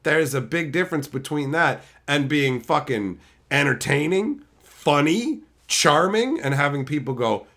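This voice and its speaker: Animated man chatting on a livestream. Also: measured pace. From Canada. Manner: animated, swears a lot, mimics chatters in high silly voices. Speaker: livestream host. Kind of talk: casual livestream chat reading chat.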